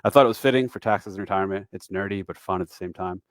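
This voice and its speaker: A man's voice: low-pitched, racing, no room sound, studio quality. A man in his forties hosting a casual live-stream lesson on retiree taxes, chatty and self-deprecating, slipping in dad jokes between fillers. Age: 40s.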